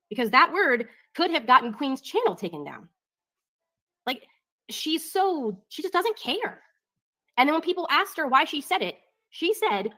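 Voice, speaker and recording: A woman's voice: high voice, very animated, normal speed, pushed and bright. Sarcastic woman commentator. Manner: sarcastic, rebutting. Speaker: commentator on a panel. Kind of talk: commentary chat.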